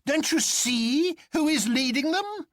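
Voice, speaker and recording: A jolly, impatient doctor with a strikingly high, cracking voice that swings wildly as he crows and scoffs at his friends. The recording is dry and close. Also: animated, takes it slowly, dry recording, exaggerated voice. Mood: mocking glee. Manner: loud, mocking, cheerful. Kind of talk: audiobook character reading.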